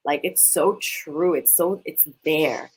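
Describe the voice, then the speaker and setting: Woman co-host, animated and effusive, low and a little husky. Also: slow pace, poor audio. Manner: animated, gushing, swears casually. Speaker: co-host leading a coaching exercise. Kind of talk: casual chat.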